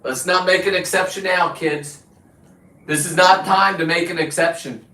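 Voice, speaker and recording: A man's voice: sits high, steady tone, moderate pace, sharp tone. A man hosting his own show, delivering a combative, boastful, profane rant. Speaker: show host. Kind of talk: profane ranting monologue. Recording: roomy, distant from the mic.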